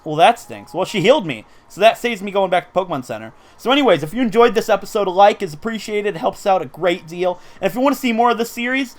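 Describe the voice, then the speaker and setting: A man's voice: high-pitched, expressive, quick pace, hardly any pauses. A man giving casual, upbeat commentary while playing a video game, explaining his moves as he goes. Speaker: let's play commentator.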